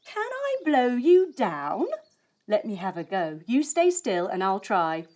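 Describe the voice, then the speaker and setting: A woman telling a yoga story for children in an animated, sing-song and encouraging way. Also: mid-range voice, slow pace, background noise. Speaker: kids yoga instructor and storyteller.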